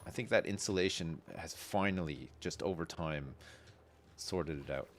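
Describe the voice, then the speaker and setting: Casual streamer, male, lowish voice with faint background noise; rambling play-by-play with lots of "uh"s and sudden bursts of excitement. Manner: rambling, thinks aloud with frequent fillers and quick excited reactions. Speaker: game streamer. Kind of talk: casual gameplay commentary.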